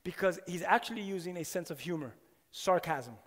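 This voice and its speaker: A man preaching a sermon in an animated way, firing rhetorical questions at his listeners. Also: high voice, brisk. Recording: long hall reverb.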